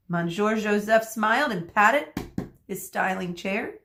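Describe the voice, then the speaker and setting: A middle-aged woman teacher reading a children's book aloud to her students, expressive and explaining as she goes. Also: mid-range voice, slow pace. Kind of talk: read-aloud narration for students.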